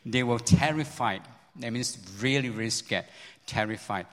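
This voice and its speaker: A man preaching a sermon as a pastor, telling the story in an animated way with many repeats and sudden jumps up in pitch. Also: moderate pace. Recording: long hall reverb.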